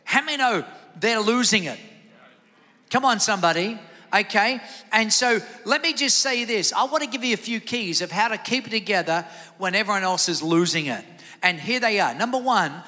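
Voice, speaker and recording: A pastor with a high-pitched voice preaches energetically in a church sanctuary, calling out to the congregation for responses. The sound carries the feel of a large hall.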